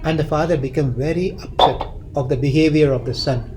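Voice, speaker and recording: Man, scripture class teacher, storytelling, restarts phrases, quizzes listeners, slightly high, mellow. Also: fairly quick, slight background noise, low-quality recording.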